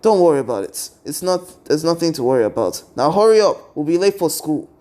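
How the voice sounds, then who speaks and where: A man voicing a strict, rule-minded teenage boy class leader who speaks briskly. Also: fairly high pitch, lively intonation, mellow, natural voice. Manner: brisk, fussy about being on time.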